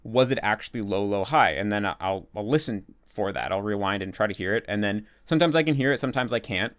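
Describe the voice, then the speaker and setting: A man's voice: lowish voice, fast, fairly bright tone. A man hosting a casual Q&A, explaining at length with many restarts and repeated words, and acting out his own thoughts as quoted asides. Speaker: language-learning channel host.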